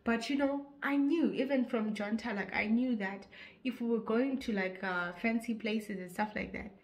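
A woman's voice: fairly high pitch, normal speed. A young woman with a Zimbabwean accent, giving an earnest motivational vlog talk on insecurity. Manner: earnest, preachy, rising to forceful urging. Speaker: YouTuber.

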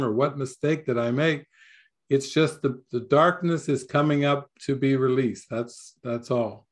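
Older male spiritual teacher, unhurried, slightly high voice, playful and laughing as he tells a story. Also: a bit bright. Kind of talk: sermon.

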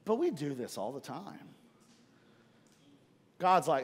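Man, middle-aged, pastor, sermon, high-pitched, lively storytelling, long hall echo. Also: slow, slightly rough. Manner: animated storytelling, acts out own frustration. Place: church hall.

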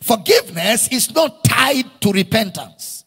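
A man's voice: very high-pitched, sing-song, a little slow, creaky, fairly bright tone, husky. A man with a Nigerian accent, preaching a sermon to a congregation, leading call-and-response and repeating key phrases for emphasis. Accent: Nigerian English. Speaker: pastor. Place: church hall. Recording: reverberant church hall.

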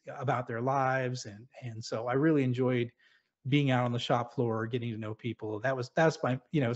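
A middle-aged man from New England, a podcast guest, talking earnestly about his career in casual chat with many restarts. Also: mid-range voice. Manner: earnest, storytelling, frequent restarts. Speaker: podcast guest, former submarine officer. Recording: lo-fi dull audio.

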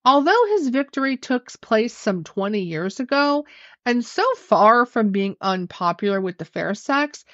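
A woman narrates a classic story with a lively, expressive pitch. Her delivery is measured. The recording is dry and a little dull. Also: dry recording. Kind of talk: scripted narration.

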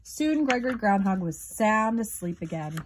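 A woman reading a children's picture book aloud, clear and expressive. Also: mid-range voice, moderate pace, noisy background. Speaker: storybook reader.

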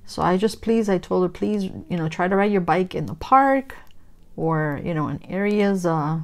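A woman's voice: lowish voice, expressive, moderate pace, darkish tone. A middle-aged woman chatting casually while she crafts, telling stories and acting out the dialogue with big reactions. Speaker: craft vlogger.

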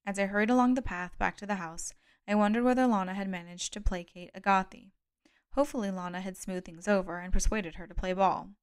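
A woman narrating a novel as an audiobook in a steady, measured reading. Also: medium pitch, clear, resonant tone. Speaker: audiobook reader.

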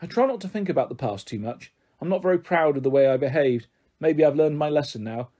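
A man's voice: on the high side, lively intonation, brisk, warm tone. A man reading the part of a kind, patient older man who talks in a coaxing, reassuring way. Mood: reflective. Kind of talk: audiobook character voice.

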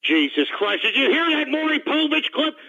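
A man's voice: very high voice, sing-song, normal speed, muffled recording, very noisy. A man hosting a call-in radio show, ranting in outraged exasperation and blurting exclamations between callers.

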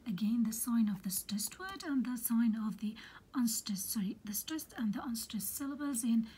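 A woman teaching a literature lesson in a soft, half-whispered voice, patiently explaining and filling pauses with "okay". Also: fairly high pitch, expressive, slight background noise, low-quality recording. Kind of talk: recorded lecture on poetic meter.

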